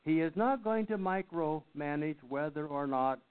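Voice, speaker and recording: An older man teaches a Bible study class in a halting way, pausing and clearing his throat often. His voice sits fairly high. The sound is thin and tinny, like a phone line. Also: expressive.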